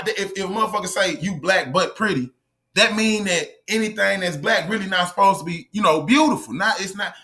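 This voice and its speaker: A man's voice: sits high, bright, forceful tone. A man delivering a heated, profane monologue to camera. He talks emphatically and confrontationally, repeats himself, and addresses his viewers directly. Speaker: online lecturer.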